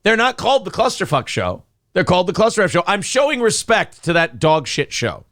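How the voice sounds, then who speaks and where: A male morning show host, animated and opinionated, swearing casually while reacting to a clip. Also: high-pitched, a little fast, no room sound, studio quality.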